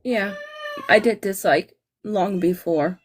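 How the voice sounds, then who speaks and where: A woman on a live stream calmly admitting something in a confiding way. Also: medium pitch, slow pace. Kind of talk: casual live-stream chat.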